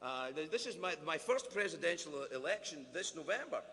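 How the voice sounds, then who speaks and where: A Scottish man doing stand-up comedy at a formal dinner, animated, full of quick asides and mock-voiced quotes. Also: on the high side. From Scotland. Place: large banquet hall. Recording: roomy hall with faint ambience.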